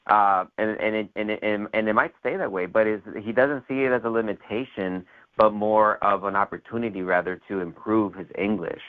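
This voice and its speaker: Low-voiced man hosting a sales call. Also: fairly quick. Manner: rambling, many fillers and "right?" tags. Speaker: host. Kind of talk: motivational sales call interview. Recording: tinny phone line.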